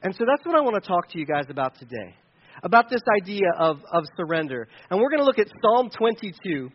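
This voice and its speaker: High-voiced pastor telling a story. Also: male voice, fast, muffled recording. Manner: animated storytelling with many restarts. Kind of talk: sermon with a personal story.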